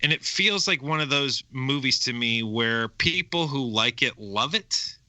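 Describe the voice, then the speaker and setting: A man's voice: medium pitch, unhurried, dry recording. A man co-hosting a movie podcast, giving his opinion in a rambling, casual way with frequent restarts. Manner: rambling, restarts, lively emphasis. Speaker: podcast co-host. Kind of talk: casual movie review chat.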